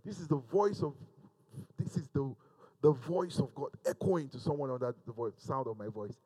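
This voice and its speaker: A man preaching a sermon to a camera, swinging from loud fervent exhortation to quiet, intimate asides. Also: mid-range voice, moderate pace, breathy edge. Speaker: pastor. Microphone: speaking to a camera.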